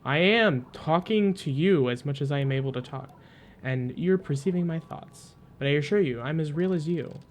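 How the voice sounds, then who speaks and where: A man voicing a gentle, motherly female queen of desert creatures, speaking graciously and formally over soft game music. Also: a little high, normal speed, a little hiss or hum, lightly acted. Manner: gracious, cooing, slightly formal.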